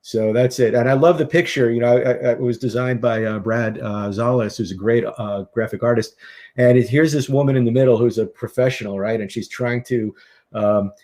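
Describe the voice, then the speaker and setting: Middle-aged guy on an interview, mid pitch, chatty storyteller vibe. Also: moderate pace. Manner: animated anecdotal storyteller. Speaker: guest, author and speaker.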